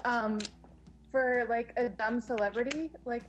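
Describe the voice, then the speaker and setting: A woman's voice: a little high, steady tone, measured pace, muffled recording. Giggly woman calling in. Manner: giggly, chatty. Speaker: caller. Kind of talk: casual call-in chat.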